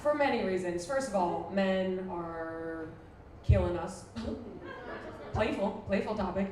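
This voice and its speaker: A woman's voice: medium pitch, slow pace, darkish tone. A woman in her thirties from Buffalo doing a brash, crude, self-mocking stand-up set in a former library before a live audience. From Buffalo, New York. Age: 30s. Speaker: stand-up comedian. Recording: echoey distant room mic with noise. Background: audience laughter.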